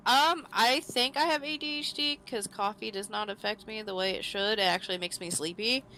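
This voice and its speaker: A woman chats on a tabletop game show, rambling and filling her talk with fillers. Her voice is bright, with a faint noise behind it. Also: mid-range voice, brisk, poor audio. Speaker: player. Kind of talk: casual chat.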